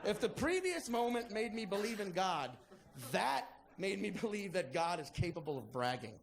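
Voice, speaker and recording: A man performing a stand-up comedy routine, telling a story with animated delivery and acting out the people in it. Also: high-pitched, normal speed, creaky. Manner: animated storytelling, acts out characters, shouts punchlines.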